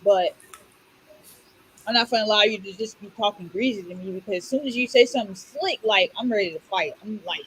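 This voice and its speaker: A young woman from Orlando who tells stories in a blunt, animated way, swearing freely in casual podcast chat. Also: mid-range voice, brisk, a little hiss or hum, low-quality recording. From Orlando, Florida. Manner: blunt, animated storytelling with profanity.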